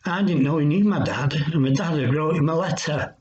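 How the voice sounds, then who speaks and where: A man giving a personal testimony in an earnest, reflective way, pausing as he tells his story. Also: fairly high pitch, a little mellow. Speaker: Christian recovery speaker. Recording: dull lo-fi sound.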